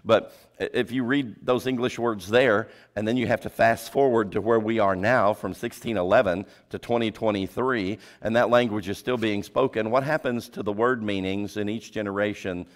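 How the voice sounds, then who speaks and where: A male preacher giving a sermon, asking the congregation rhetorical questions and dropping his voice low for emphasis. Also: fairly even intonation, moderate pace. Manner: drops pitch and volume for emphasis.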